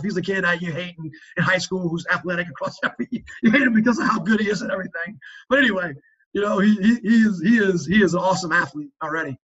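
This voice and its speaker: A man's voice: sits high, fairly bright tone, husky, dull audio. A man talking earnestly about fathering on a faith-based podcast, emphatic and preachy, often restarting his sentences. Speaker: father sharing parenting advice.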